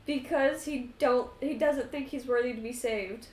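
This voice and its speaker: A woman playing a tabletop game, answering slowly and earnestly. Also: high-pitched, a little mellow. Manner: slow, earnest answers in character. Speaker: player. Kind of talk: casual tabletop play. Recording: roomy echo with faint noise.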